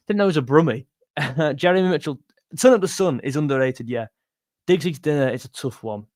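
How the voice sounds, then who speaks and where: A man's voice: medium pitch, moderate pace, darkish tone, no echo, studio quality. A young man hosting a livestream, reading viewer comments in a chatty, jokey way and calling people mate. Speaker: music channel host reading live chat. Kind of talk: casual livestream chat.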